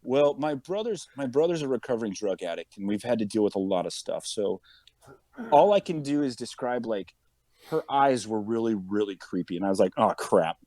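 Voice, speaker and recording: Man telling a story, animated and dry-sounding. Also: lowish voice, a little fast, no room sound. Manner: animated, acts out quotes of others. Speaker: podcast guest, police officer. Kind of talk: casual storytelling.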